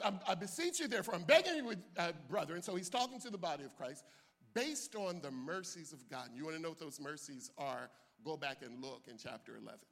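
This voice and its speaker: An older man, a pastor, preaching a sermon with animated delivery that swings from soft asides to loud bursts. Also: on the high side.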